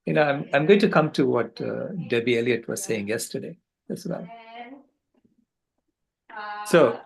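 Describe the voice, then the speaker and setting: An older man on a video call, giving a passionate, earnest storytelling talk with halting restarts. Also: mid-range voice, creaky, rough recording. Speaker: conference speaker.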